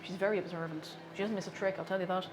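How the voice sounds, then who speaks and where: A woman's voice: lowish voice, steady tone, racing, a little hiss or hum. A woman chatting playfully with viewers as a streamer while she bakes on a live stream. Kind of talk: casual chat while baking on a live stream.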